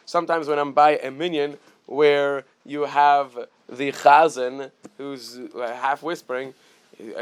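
Man teaching Talmud, halting and chatty. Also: a little high, clean tone. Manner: reads Aramaic then explains in English, many fillers and restarts. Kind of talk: Talmud study lesson. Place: Chicago area.

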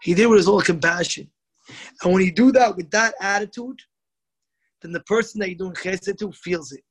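High-voiced man telling a moral story. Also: husky, rough recording. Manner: animated storyteller, slows for emphasis, voices characters. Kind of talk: storytelling sermon.

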